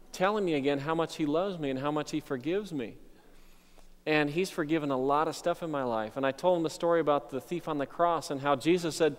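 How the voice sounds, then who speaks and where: Male pastor, fairly high and smooth, unhurried testimony storytelling, long hall reverb. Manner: conversational, unhurried, reflective. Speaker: missionary pastor.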